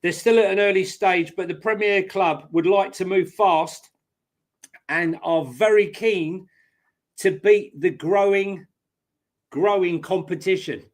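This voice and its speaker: A man's voice: high-pitched, slow. Joking man co-hosting a live stream. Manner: joking, banter-filled. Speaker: co-host. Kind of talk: casual live-stream chat.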